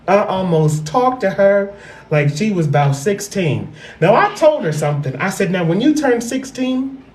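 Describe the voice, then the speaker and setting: A woman hosting a livestream, telling a story in a casual, animated way. She repeats phrases for effect and swears freely. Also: medium pitch. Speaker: livestream host. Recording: roomy echo.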